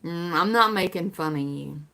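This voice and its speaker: A woman's voice: on the low side, moderate pace, creaky, fairly bright tone. A woman with a Southern US accent, chatting casually with viewers on her livestream and answering their comments. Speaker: livestream host.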